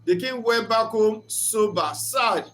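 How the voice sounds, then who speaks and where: A man's voice: high voice, slow pace, a bit bright, slight background noise. A man giving an earnest, preacher-like reflective talk on marriage, mixing in story retellings. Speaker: speaker of a reflection channel.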